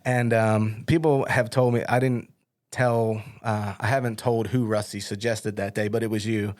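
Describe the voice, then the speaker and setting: A man's voice: lowish voice, fairly even intonation, normal speed, a little mellow. A middle-aged man hosting an interview, chatting casually and telling stories with lots of fillers and restarts. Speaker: podcast host.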